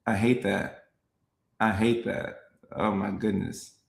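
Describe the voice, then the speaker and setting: A young man chats casually on a live stream, answering comments in a relaxed, repetitive way and chuckling often. His voice sits on the low side with a gravelly fry, and the room gives it a noticeable echo. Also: takes it slowly. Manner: laid-back, repeats lines, chuckles often. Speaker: comedian hosting a live stream.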